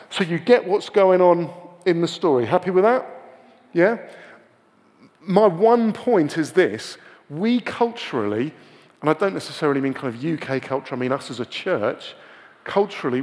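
A man preaching a sermon to his church in a relaxed, conversational way, often putting rhetorical questions to the congregation. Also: fairly high pitch, in a large hall.

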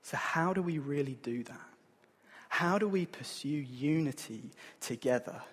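A man, preaching a sermon in an earnest, conversational way, with a husky voice. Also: fairly high pitch, expressive, measured pace. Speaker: pastor. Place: church hall. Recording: long hall reverb.

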